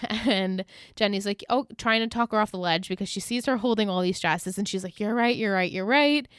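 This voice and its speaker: A woman co-hosting a chatty podcast, retelling a show's scenes with energy and slipping into quick voices for each character. Her voice is smooth and clear, mid-pitched, recorded close and dry with no room sound. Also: no echo. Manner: animated retelling with quoted character voices, laughing often. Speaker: podcast co-host. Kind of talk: casual recap chat.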